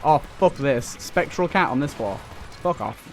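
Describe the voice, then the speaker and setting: Excitable young gamer, higher voice. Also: male voice, moderate pace, a little hiss or hum. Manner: excitable, talks to enemies on screen. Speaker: let's play host. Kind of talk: gameplay commentary. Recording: faint game music behind.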